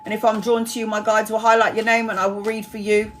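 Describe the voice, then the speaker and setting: A woman's voice: mid-range voice, little pitch movement, quick pace, slight background noise. A woman, giving a live-stream tarot reading in a chatty, blunt way and laughing often. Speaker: tarot reader.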